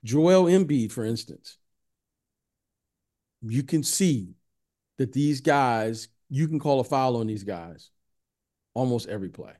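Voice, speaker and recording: Animated man telling sports stories. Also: mid-range voice, takes it slowly, long pauses. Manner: animated storyteller, repeats the host's name, acts out friendly greetings. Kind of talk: casual sports chat.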